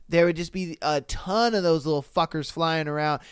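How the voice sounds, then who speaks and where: A man's voice: fairly high pitch, normal speed, hardly any pauses, smooth, no room sound, studio quality. A young man hosting a podcast, reading listener posts aloud and reacting with profane, laughing commentary. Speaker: podcast host.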